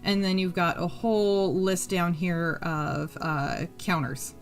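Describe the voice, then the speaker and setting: A woman's voice: fairly low pitch, steady tone, takes it slowly, soft background music. A woman hosting a live crafting stream, rambling and chatty, humming to herself and swearing freely. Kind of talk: casual chat while crafting on a live stream.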